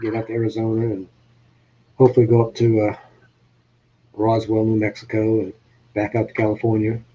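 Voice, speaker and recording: A man's voice: on the low side, monotone, fairly quick, mellow, muffled recording. A man with a New England accent hosting a casual live-stream chat, easygoing and plain-spoken. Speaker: host.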